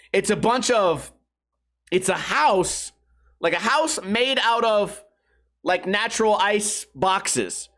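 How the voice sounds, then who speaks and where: A man in his thirties, a vlog host, telling rambling stories in a slangy, swearing, casual way, laughing often and losing his train of thought. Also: sits high. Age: 30s. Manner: slangy and animated when retelling stories.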